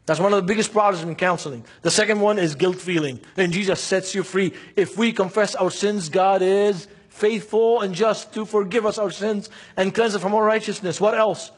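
A man's voice: high-pitched, fairly even intonation, moderate pace, few pauses, slightly rough. A man preaching a sermon. He tells stories and asks the congregation questions in an earnest way. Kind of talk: sermon with storytelling.

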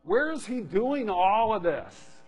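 A man's voice: sits high, big pitch swings, slow pace, darkish tone, slightly rough. A man preaching a sermon in a conversational way, often checking in with his listeners by asking "right?". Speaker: pastor. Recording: long reverb of a hall.

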